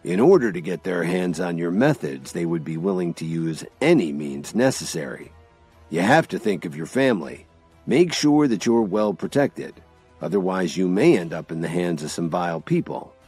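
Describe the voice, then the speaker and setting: Brief: a grave, slow-talking crime boss, voiced by a man. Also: sits low, sing-song, a little mellow, husky, faint music behind, full character voice. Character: serious middle-aged gang leader, ominous.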